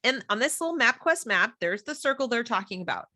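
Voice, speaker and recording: A middle-aged woman, appearing as a podcast guest, tells a story in casual conversation and acts out the voices of the people she quotes. Her voice is a little high and brisk, and she sounds animated. The recording is studio quality with no room sound.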